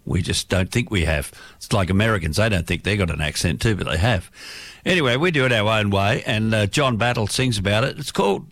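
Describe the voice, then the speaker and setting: A man's voice: fairly low pitch, fairly quick, fairly bright tone, dry recording. A middle-aged Australian man presenting on radio, telling rambling stories between songs with lots of fillers. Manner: rambling anecdotal storytelling with many fillers.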